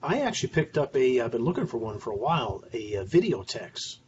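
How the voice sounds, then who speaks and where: A man co-hosting a casual podcast, easygoing and relaxed as he talks through his projects. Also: medium pitch, brisk, highs cut off, slight background noise. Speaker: podcast co-host.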